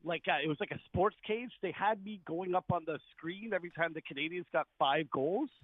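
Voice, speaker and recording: A man's voice: high-pitched, fairly quick, no echo. A man, a comedian, telling stories in a casual interview and acting out the people he quotes. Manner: animated storyteller, acts out quoted people. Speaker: comedian guest. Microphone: phone line. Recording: tinny phone line, dry.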